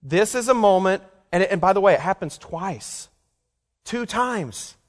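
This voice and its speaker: A man's voice: high-pitched, expressive, a little slow. A man preaching a sermon in a conversational way, turning to the congregation with questions as he explains scripture. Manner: conversational, asks the listeners questions. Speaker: pastor. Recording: long hall reverb.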